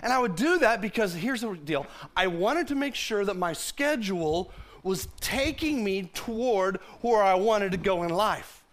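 A pastor in his fifties preaching a sermon in a conversational, joking way, dropping to a hush and rising to loud bursts. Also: high voice, lively intonation, a little slow. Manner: conversational and jokey, shifting from hushed to loud.

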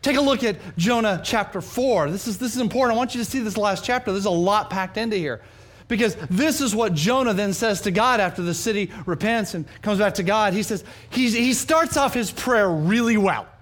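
Speaking fairly quickly in a high-sitting voice, this New Mexico pastor delivers a sermon. He tells stories with animation and humor, slipping in jokes at his own expense.

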